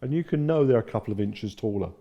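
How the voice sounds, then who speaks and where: A man's voice: fairly low pitch, lively intonation, fast talker, dull audio. A middle-aged man from England preaching a sermon, telling stories and acting out the quotes. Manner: storytelling with acted-out quotes. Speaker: pastor.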